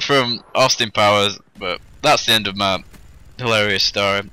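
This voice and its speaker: A man's voice: lowish voice, steady tone, normal speed, bright, forceful tone, smooth, dry recording. A young man chatting casually to viewers and rambling through a funny story with self-deprecating humour. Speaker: gaming YouTuber. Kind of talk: casual vlog storytelling over game footage.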